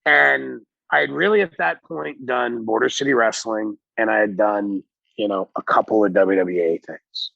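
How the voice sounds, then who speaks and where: Middle-aged male guest, gravelly husky voice; lively profane raconteur, dry close mic. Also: lowish voice, moderate pace, dry recording. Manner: animated, profane, acts out quotes. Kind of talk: casual storytelling. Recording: dull lo-fi recording.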